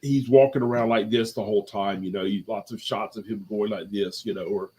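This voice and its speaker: A man's voice: on the low side, fairly even intonation, fairly quick, mellow, breathy edge. A man chatting casually as a guest on a live movie review stream from home, rambling with lots of fillers and restarts.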